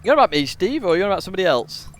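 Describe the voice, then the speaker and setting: A man's voice: high-pitched, sing-song, racing, faint music behind. A man from England, a casual and jokey game streamer, chatting on a live stream and rambling with many fillers.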